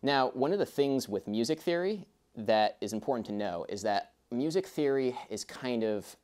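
Mellow-voiced man explaining rhythm. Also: mid-range voice, lively intonation, normal speed, clear, resonant tone. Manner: chatty, rambling asides. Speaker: music teacher. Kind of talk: casual explanatory lesson.

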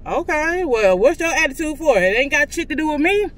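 A woman vlogger venting casually to her viewers, loud and profane, from in or near her car. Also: high-pitched, very animated, brisk.

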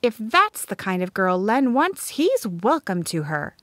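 Pitching above her natural voice into a mid-range, a woman unhurriedly reads lively, bright dialogue for an earnest, spirited eighteen-year-old schoolteacher in an audiobook. The recording is dry and cleanly studio-produced.

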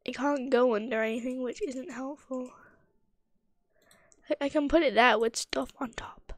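A woman's voice: sits high, steady tone, normal speed. A woman streamer giving casual gameplay commentary, thinking aloud in a mutter that sometimes drops to a whisper.

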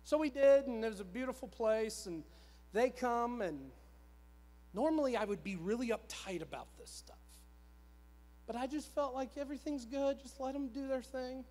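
A man's voice: very high voice, normal speed, darkish tone. A man in his thirties preaching a sermon in a church, telling a personal story in a conversational, repetitive, self-deprecating way. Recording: long church hall reverb.

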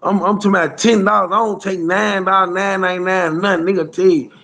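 Gravelly dude with a high voice, rambling street story, keeps saying bro. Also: male voice, fairly even intonation, quick pace, fairly bright tone. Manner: rambling, slangy, repeats "you hear me" and "bro". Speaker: storyteller guest.

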